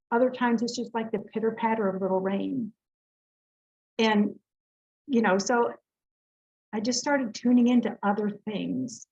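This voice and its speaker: Middle-aged woman guest, higher pitched, earnest and chatty, slightly muffled lo-fi audio. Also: darkish tone. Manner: chatty, earnest, lots of fillers and quick laughs. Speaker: Reiki master, guest speaker. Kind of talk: casual storytelling in an interview.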